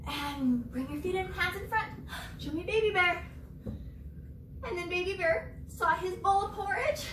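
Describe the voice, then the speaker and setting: A young woman teaching preschool yoga through a story, expressive and sing-song, with gasps and whispers, recorded roomy and from far off. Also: very high-pitched, unhurried, a little hiss or hum. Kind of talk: storytelling yoga lesson for children.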